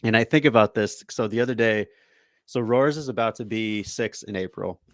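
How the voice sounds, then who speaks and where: Male podcast host, low voice, dry close sound, animated storyteller who laughs a lot. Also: normal speed, no echo. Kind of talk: casual podcast conversation.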